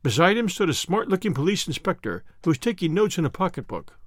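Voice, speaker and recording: A man doing scripted audiobook narration of a period detective story in an expressive, storytelling manner. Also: sits high, fast talker, dry recording, studio quality.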